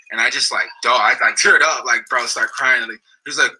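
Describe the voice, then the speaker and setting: Guest, male, husky and intense, casual slang-heavy storyteller, lots of restarts. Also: medium pitch, fairly even intonation, brisk, few pauses, pushed and bright, low-quality recording.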